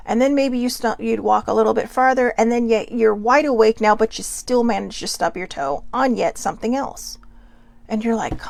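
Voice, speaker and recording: A woman's voice: fairly high pitch, normal speed, vocal fry, darkish tone, no echo. A woman hosting a casual self-care pep talk, chatty and often checking in with "right?". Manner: chatty, keeps asking "right?". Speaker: host.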